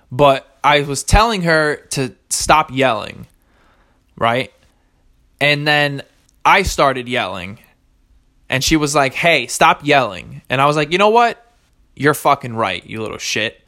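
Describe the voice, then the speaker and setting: A man's voice: mid-range voice, bright, forceful tone. A young man hosting a solo podcast, rambling casually with lots of swearing and self-contradiction. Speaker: podcast host.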